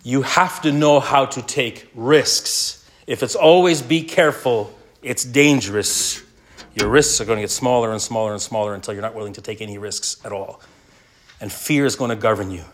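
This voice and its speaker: A middle-aged man preaches to fathers in an easy sermon voice, mid-pitched and steady. He tells his story with sudden loud bursts that drop back to near-hushed asides. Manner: storytelling with wide swings between loud and hushed. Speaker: pastor.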